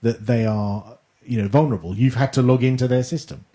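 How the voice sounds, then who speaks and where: A man on a tech podcast panel, talking in a measured, thoughtful, slightly halting way. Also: mid-range voice, steady tone, dark tone. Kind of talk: casual tech discussion.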